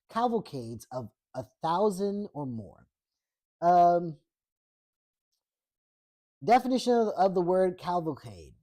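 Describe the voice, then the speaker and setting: A woman's voice: deep voice, warm tone. A woman hosting a book reading, breaking off often for sarcastic, profane political commentary. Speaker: host reading a book aloud.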